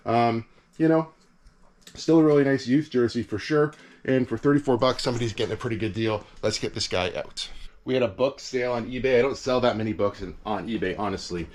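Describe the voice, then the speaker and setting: A man's voice: medium pitch, fairly quick, a little mellow. Easygoing man chatting about resales. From Canada. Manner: easygoing, rambling, frequent fillers. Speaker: reseller vlogger. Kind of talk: casual vlog chat. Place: cold backyard shed with heater.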